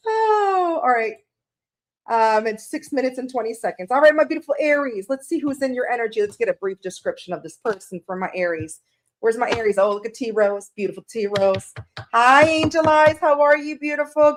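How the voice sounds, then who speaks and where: On a laid-back live stream, a woman with a voice on the high side reads tarot, chatting and rambling as she greets viewers by name and laughs at her own slip-ups.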